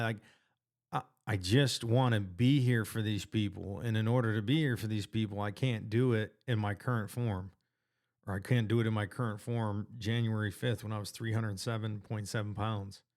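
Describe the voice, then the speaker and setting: Earnest man with a smooth low voice. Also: fairly even intonation, moderate pace, a little mellow. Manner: earnest, conversational with frequent restarts and slang. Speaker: vlogger sharing weight-loss progress. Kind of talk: casual motivational monologue.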